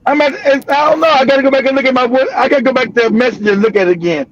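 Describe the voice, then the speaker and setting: An older man from California, hosting a live stream and telling a story loudly with profanity, laughter and bursts of shouting. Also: very high-pitched, racing, crowd noise. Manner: loud, profane, laughing, often breaks into shouting. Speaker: livestream show host. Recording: dull lo-fi stream audio.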